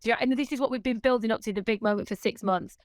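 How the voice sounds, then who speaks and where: Chatty woman telling a lively story. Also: a little high, very fast, no echo. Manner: lively storytelling, laughs often. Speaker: podcast guest. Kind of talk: casual chat.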